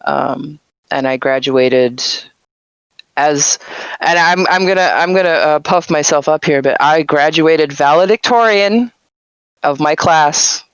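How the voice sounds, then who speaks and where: A relaxed woman in her thirties talks in an easygoing, unhurried way as an interview guest. Her voice is smooth and clear, but the mic sounds muffled and lo-fi. The room sounds dry and close. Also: low voice, no room sound. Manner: laid-back, laughs often. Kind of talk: casual live-stream interview. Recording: dull, muffled lo-fi mic audio.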